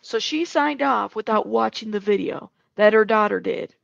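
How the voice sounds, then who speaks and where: A woman's voice: mid-range voice, moderate pace, gravelly, no room sound, lo-fi sound. A woman co-hosting a live stream, bluntly saying she doesn't believe what she hears. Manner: blunt, incredulous. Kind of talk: casual live-stream commentary.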